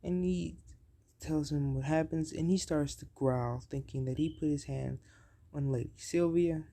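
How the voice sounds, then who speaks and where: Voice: mid-range voice, steady tone, measured pace, vocal fry, warm tone. A young adult casually retelling an invented anime story, rambling and hesitant, restarting sentences and making up names as they go. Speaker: fan storyteller.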